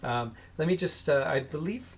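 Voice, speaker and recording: A man's voice: a little high, expressive, normal speed, over a noisy crowd. Hesitant man explaining game rules. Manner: hesitant, many ums and self-corrections. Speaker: game master.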